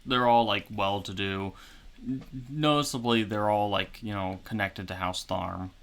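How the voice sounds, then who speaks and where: A man's voice: lowish voice, steady tone, unhurried, fairly bright tone. A man narrating as game master for a tabletop game, loose and full of fillers.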